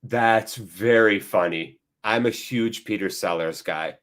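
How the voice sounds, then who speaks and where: A man hosts a live football watchalong, blending laid-back play-by-play with excitable, rambling tangents. His voice is fairly low and he talks slowly.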